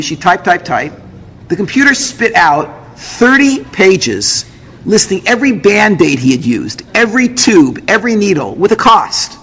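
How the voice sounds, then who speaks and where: A man, a rabbi, telling a personal story to an audience, acting out the dialogue in an animated way. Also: fairly quick, husky. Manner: lively, acts out dialogue with big pitch jumps. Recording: roomy hall with long reverb, faint noise.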